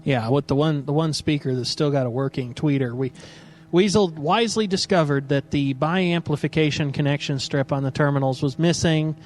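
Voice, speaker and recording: A man hosts a late-night live stream and makes jokes to his audience. His voice sits a little high. He sounds tired. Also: moderate pace, darkish tone, slight background noise. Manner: jokey, addresses the audience. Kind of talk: casual live-stream chat.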